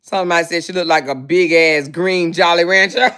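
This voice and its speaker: A woman's voice: lowish voice, a bit bright, clear, resonant tone. A woman hosting a casual livestream, talking in a brash, profane, mocking way. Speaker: livestream host.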